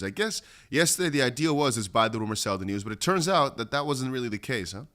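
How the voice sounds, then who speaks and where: A man's voice: medium pitch, expressive, fast, hardly any pauses, sharp tone. A man hosting a casual crypto livestream, rambling through chart commentary and reading viewer comments aloud. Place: home studio in Dubai.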